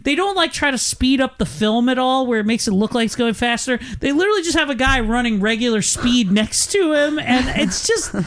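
A man's voice: very high-pitched, animated, fairly quick, few pauses, fairly bright tone, a little hiss or hum. A man casually recapping a film on a podcast, rambling and joking with lots of profanity. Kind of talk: casual chat.

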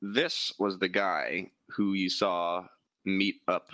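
Casting: low-pitched man running a tabletop game, dry close sound, easygoing. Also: flat delivery, slow pace, bright, forceful tone, no room sound, rough recording. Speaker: game master. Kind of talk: narrating a tabletop role-playing game.

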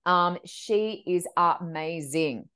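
A woman working as a medium, telling stories as a podcast guest in a lively, expressive way and acting out the voices she quotes. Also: on the low side, takes it slowly, clear, resonant tone. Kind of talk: animated storytelling chat.

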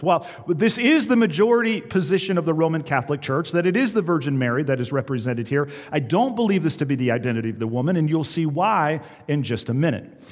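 Pastor preaching in an echoing church. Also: male voice, on the high side. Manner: rhetorical questions to the congregation. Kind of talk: sermon. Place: church sanctuary. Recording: long reverb of a church hall.

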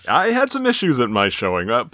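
A man's voice: medium pitch, huge pitch swings, normal speed, a bit bright, no echo, clean studio sound. A man co-hosting a podcast, telling a story in casual chat and chuckling as he goes. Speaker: podcast co-host.

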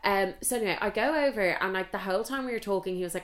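A woman's voice: mid-range voice, very fast. A young Irish woman in her twenties telling a dating story in a casual, rambling way, blunt and full of swearing and fillers. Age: 20s.

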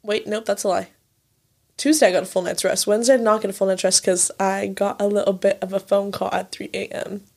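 A woman's voice: medium pitch, fairly even intonation, fast talker, vocal fry, a little mellow. Chatty young woman telling stories. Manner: chatty storyteller, lots of "like", swears freely. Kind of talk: casual chat.

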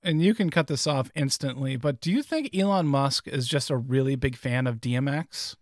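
A man co-hosting a podcast in casual chat, joking and talking with high energy. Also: lively intonation, normal speed, no echo, studio quality. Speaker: podcast co-host.

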